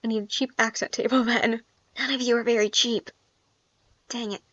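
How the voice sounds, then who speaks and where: A woman's voice: fairly high pitch, steady tone, normal speed, fairly bright tone. Chatty woman narrating a build game. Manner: chatty, thinks aloud, laughs often. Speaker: gaming YouTuber. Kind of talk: casual gameplay commentary. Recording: dry, slightly dull sound.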